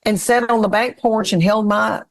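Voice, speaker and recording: A woman's voice: medium pitch, fairly even intonation, normal speed. A woman in her fifties from Tennessee with a Southern twang, telling stories in a rambling, self-deprecating way during an interview. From Tennessee, USA. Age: 50s. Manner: chatty, rambling, self-deprecating, laughs often. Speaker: comedian guest. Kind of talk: casual interview storytelling.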